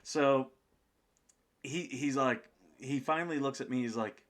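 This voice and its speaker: A man tells a story as a podcast guest, slipping into the voices of the people he met. He talks casually and keeps stopping for fillers. His voice sits at an ordinary middle pitch for a man. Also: measured pace. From United States.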